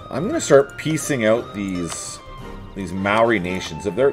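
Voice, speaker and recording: A man's voice: lowish voice, animated, unhurried, faint music behind. A man casually commentating his own strategy game, chatting to his troops and rivals with playful asides. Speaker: let's play host.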